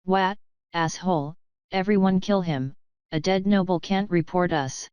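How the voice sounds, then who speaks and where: A woman's voice: lowish voice, a little slow, darkish tone, clean tone, dry recording, lo-fi sound, lightly acted. A woman reading crude, threatening bandit riders. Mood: hostile. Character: rough, hostile male bandit horsemen.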